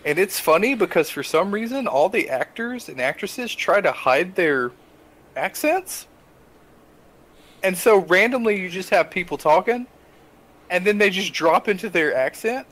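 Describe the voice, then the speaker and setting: A young adult man co-hosting a casual podcast, telling a story with animated, exasperated asides. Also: sits high, measured pace. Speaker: podcast co-host.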